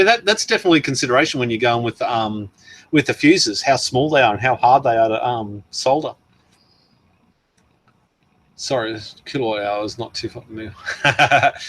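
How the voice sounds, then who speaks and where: A man's voice: mid-range voice, a bit bright. A man with an Australian accent, hosting a casual livestream, rambling and laughing as he answers viewers. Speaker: livestream host. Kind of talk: casual livestream chat reading comments.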